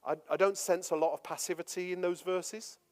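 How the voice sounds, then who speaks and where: High-voiced preacher in a reverberant hall. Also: male voice, fairly even intonation, fairly quick. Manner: swings from forceful declaiming of scripture to soft, chatty asides. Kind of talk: sermon. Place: church hall.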